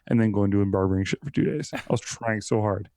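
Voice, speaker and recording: A man, co-hosting a podcast in casual, animated chat and swearing freely. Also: fairly low pitch, fast, no room sound, studio quality. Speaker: podcast co-host.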